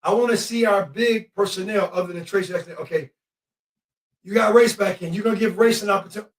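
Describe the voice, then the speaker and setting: A man with a high voice calls a game live, excitable and quick to yell at the officials. He sounds set back from the mic in an echoey room. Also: distant mic. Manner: excitable, shouts at the refs and players. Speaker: podcast host. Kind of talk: live game-watching commentary.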